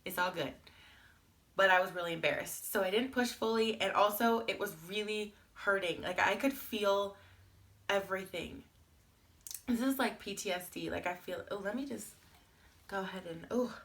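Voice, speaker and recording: Bright-voiced young woman telling a storytime. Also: medium pitch, normal speed. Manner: chatty and candid, many "like" fillers. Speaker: vlogger. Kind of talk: casual storytime vlog.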